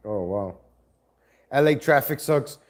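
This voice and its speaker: A man's voice: mid-range voice, animated, slow pace. A man hosting a casual live stream from home on a laptop mic, rambling and correcting himself as he greets viewers. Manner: rambling, self-correcting, chats to viewers and cat.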